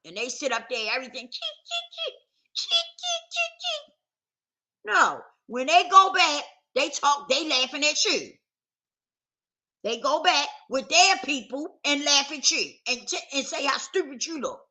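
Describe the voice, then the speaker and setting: A woman's voice: sits high, expressive, measured pace, sharp tone. A woman vlogger talking straight to camera in a casual, emphatic rant, circling back to the same points with heat. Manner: emphatic, repetitive, heated.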